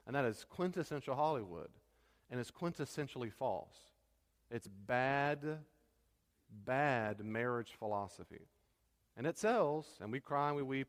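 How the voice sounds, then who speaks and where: A pastor teaching a church class in a conversational, animated way. He now and then trips over his words. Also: medium pitch, moderate pace, long reverb tail.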